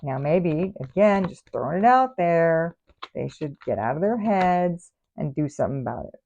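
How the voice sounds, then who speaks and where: A woman's voice: sits low, big pitch swings, normal speed, vocal fry, darkish tone, muffled recording, slight background noise. A woman giving a casual tarot reading, sassy and exasperated in her asides. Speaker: tarot reader.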